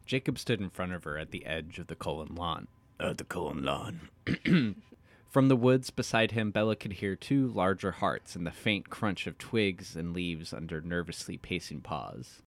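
A man's voice: low voice, no echo. A man co-hosting a podcast, recapping a book with sarcastic jokes and swearing. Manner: sarcastic, swearing, jokey asides. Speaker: podcast co-host. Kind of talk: casual chat and recap reading.

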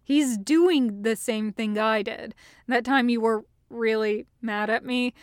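A woman's voice: a little high, takes it slowly, no echo, clean studio sound. A woman reading a preoccupied grown man. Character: distracted worked-up adult man.

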